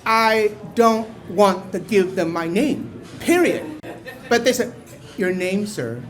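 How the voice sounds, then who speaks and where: An older man from Mexico spins a playful, wry stage story in an unusually high voice for a man. He takes his time, letting each line land slowly, then now and then bursts into a loud exclamation. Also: animated. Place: small bar venue before a live audience.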